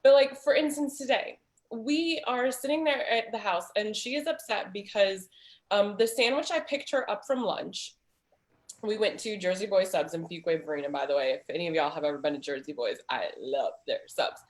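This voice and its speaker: A woman's voice: mid-range voice, normal speed, reverberant. A woman in her thirties hosting a casual video chat, talking in a chatty storytelling way with lots of fillers. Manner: chatty storyteller, many "like" fillers, laughs often. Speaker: host of a small business community chat.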